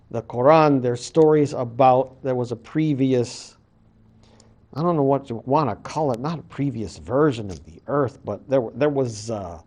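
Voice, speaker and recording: A man, a college professor, casually retelling a creation story in a lecture, animated and full of fillers. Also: medium pitch.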